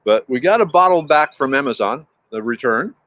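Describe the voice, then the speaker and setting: A man's voice: medium pitch, expressive, moderate pace, a bit bright, dry recording. A man hosting a casual livestream, rambling with frequent restarts and greeting viewers in the chat by name. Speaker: livestream host.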